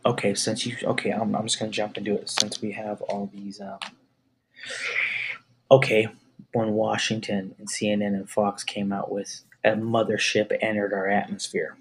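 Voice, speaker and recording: Over slight background noise, a man co-hosting a podcast spins animated, rambling stories in easygoing conversation. His voice is on the low side and he talks at a normal speed.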